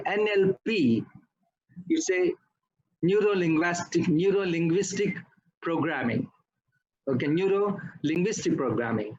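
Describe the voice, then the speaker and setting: Husky man giving grammar feedback. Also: high-pitched, muffled recording. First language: not English. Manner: instructive, corrects usage and pronunciation word by word. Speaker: Toastmasters grammarian. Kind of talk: club meeting feedback report.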